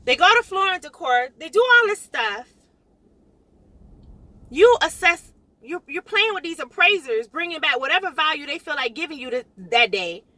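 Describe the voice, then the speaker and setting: A middle-aged woman realtor from South Florida, ranting in a vlog with emphatic, animated delivery and repeating lines for emphasis. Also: very high-pitched, normal speed, no echo. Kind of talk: impassioned vlog rant.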